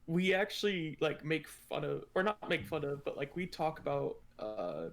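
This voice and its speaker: A man's voice: a little high, very animated, normal speed, creaky. A man co-hosting a podcast, chatting casually in a rambling way and laughing often. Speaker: podcast co-host. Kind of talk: casual chat.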